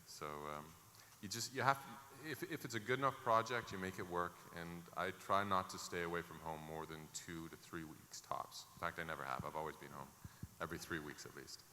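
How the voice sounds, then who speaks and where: Low-voiced man in an echoing hall. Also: a little fast, bright, forceful tone. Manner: candid, joking, with many fillers. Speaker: actor on a convention panel. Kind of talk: casual panel talk. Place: large convention hall. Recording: reverberant hall with audible noise.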